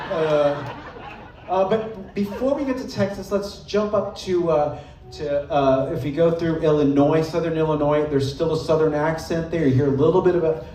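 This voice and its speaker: A man doing a live stand-up set, talking in a hesitant, halting way full of ums, sometimes slipping into quick mock accents. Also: on the high side, darkish tone, a little hiss or hum. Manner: jumps into brief mock regional accents. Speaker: stand-up comedian. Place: live club stage. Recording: roomy club audio from far off. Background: audience laughter.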